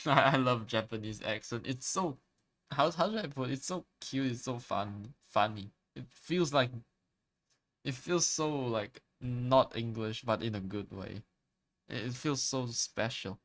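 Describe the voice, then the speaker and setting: An easygoing man chats casually on a cozy art stream, answering his viewers as they type. His voice sits at a middling pitch, and he talks in a relaxed, conversational way. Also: measured pace. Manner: easygoing, reacting to viewer comments.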